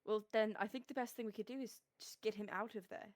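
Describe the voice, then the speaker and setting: A woman in a casual tabletop game, animated and quick to question and plan. Her mid-pitched voice is recorded close and dry. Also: dry recording. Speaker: player. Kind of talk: casual tabletop role-play.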